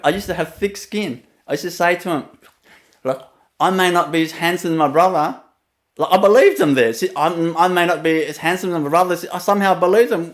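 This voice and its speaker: A man with a Vietnamese accent and a fairly high voice, speaking as a spiritual teacher in a relaxed storytelling talk. He chuckles often between phrases and pauses on many "uh" and "you know" fillers.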